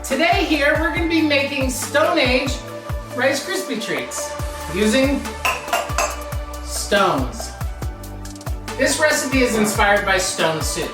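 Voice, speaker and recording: A woman hosts a children's program, reading a story and leading a cooking demo in a playful, sing-song way that speaks straight to the kids. Her voice is high and lively in intonation, slow, with frequent pauses. The recording is roomy, with a distant mic and music behind her.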